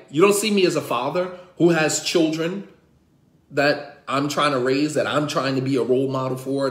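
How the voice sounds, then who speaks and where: A man's voice: a little high, echoey room. A man who is an imam, teaching a religious class in an emphatic, repetitive way with many rhetorical questions. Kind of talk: impassioned religious class lecture.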